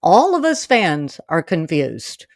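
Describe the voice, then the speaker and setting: Slow, low-voiced chatty woman podcaster from Maine. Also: big pitch swings, no room sound. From Maine, USA. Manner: chatty and rambling, addresses listeners directly; gets heated and exasperated when ranting. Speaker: podcast host. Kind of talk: casual solo podcast chat.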